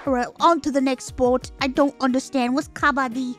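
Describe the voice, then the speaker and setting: A young adult woman streaming reactions to videos, talking loudly with lots of exclamations, swearing and laughter. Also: high-pitched, fairly even intonation, fairly quick, soft background music. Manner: loud, exclamatory, profane, laughing.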